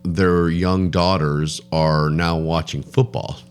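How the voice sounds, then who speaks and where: A man's voice: low voice, flat delivery, slow, clean tone, faint music behind. A man co-hosting a podcast, talking in a joking, rambling way and often repeating his words. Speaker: podcast co-host. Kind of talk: casual chat.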